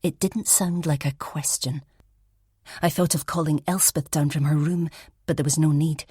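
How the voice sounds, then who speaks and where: Low, husky woman narrating an audiobook. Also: fairly even intonation, normal speed, dry recording, clean studio sound. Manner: soft, reflective, often near a whisper. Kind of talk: scripted first-person narration.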